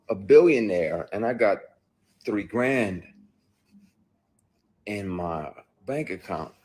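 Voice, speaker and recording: Speaking slowly and pausing often, a male actor shares a story frankly on a phone livestream. His voice is very low, husky and consistently rough, and he swings from heated, loud bursts back to quieter moments.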